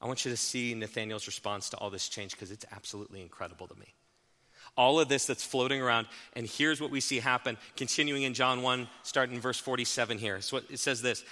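Male pastor, bright-toned, preaching in a reverberant hall; shifts between quiet emphasis and loud rapid bursts. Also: mid-range voice. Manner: swings from hushed, slow emphasis to loud, fast, animated asides. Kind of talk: sermon.

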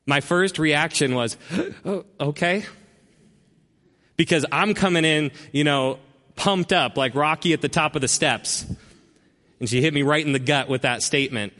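A man preaching a sermon as a personal story, earnest and slowing down to stress key words. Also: fairly high pitch, pushed and bright. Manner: earnest storyteller who slows down for emphasis. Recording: long reverb of a large hall.

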